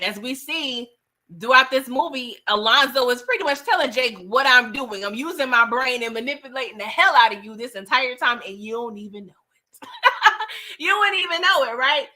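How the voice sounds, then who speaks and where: A woman with a bright, slightly high voice talks through a film scene by scene in a loose vlog style. She is chatty and animated, laughs often and throws in slangy asides. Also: normal speed. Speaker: movie reviewer. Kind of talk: casual movie review vlog.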